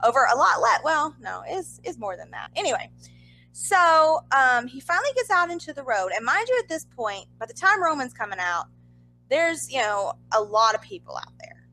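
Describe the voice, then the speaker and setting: A young woman co-hosting a podcast, telling a story in casual chat with animated, exasperated asides. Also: high voice, normal speed, vocal fry, rough recording. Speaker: podcast co-host.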